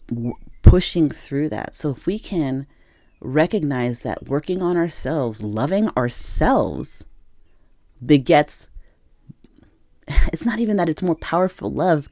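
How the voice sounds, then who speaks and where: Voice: mid-range voice, no room sound, clean studio sound. A tarot reader giving an intuitive reading to camera, speaking in an earnest, encouraging way to the viewer and often restarting or repeating phrases mid-thought. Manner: gentle, encouraging, talks to the viewer as "you".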